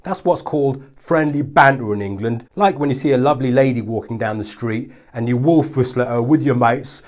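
A man's voice: medium pitch, brisk, few pauses. A male comedian doing a stand-up routine with a sarcastic, mock-serious delivery.

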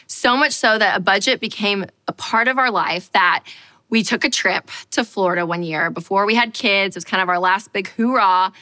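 Bright, lively woman telling a story. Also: mid-range voice, moderate pace. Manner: animated, playful storyteller who repeats lines for effect. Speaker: personal finance speaker. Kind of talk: storytelling talk to an audience.

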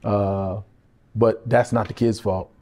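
Low-ish and slow, the voice belongs to a middle-aged actor giving a candid interview. He tells stories conversationally with animation, performing quoted voices and laughing frequently.

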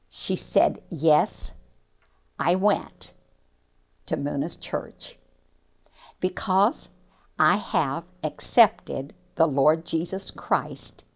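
A woman telling a missionary story to children, expressive and slow, with preachy asides to her listeners. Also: low-pitched, gravelly.

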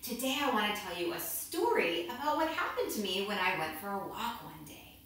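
Animated woman telling a kids' story. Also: mid-range voice, fairly quick, slight background noise. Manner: animated, expressive, playful. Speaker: children's yoga teacher. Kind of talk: storytelling for young children. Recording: echoey room, mic far off.

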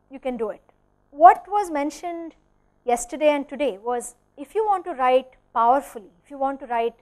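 A woman with an Indian English accent, a workshop lecturer answering remote questions in a measured, explanatory way. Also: high voice. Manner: explanatory, measured, animated emphasis. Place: studio.

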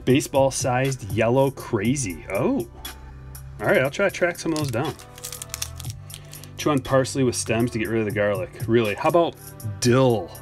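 A man's voice: medium pitch, lively intonation, moderate pace, long pauses, soft background music. A man chatting casually on a live stream as he opens packs of trading cards, joking and answering his chat. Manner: chatty, jokey, reads chat aloud. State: a little out of breath. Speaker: card break streamer.

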